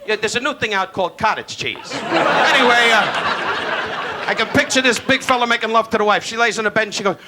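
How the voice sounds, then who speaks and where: A man doing a brash insult stand-up routine, teasing and shouting at people in the live audience. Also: high voice, animated, fast, hardly any pauses. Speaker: stand-up comedian. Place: stage before a live audience. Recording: noisy live recording with loud crowd.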